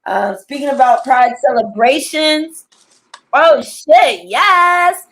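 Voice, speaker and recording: A woman's voice: high voice, slow, fairly bright tone. A woman hosting a podcast, signing off in a loose, rambling way from a studio. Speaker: podcast host. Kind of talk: casual sign-off chat. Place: studio headquarters.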